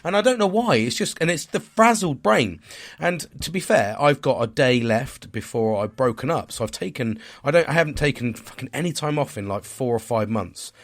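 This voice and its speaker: A man's voice: medium pitch, expressive, normal speed. A man, talking in a casual, rambling vlog monologue. He swears constantly, sounds stressed and tired, and is hard on himself. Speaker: vlogger.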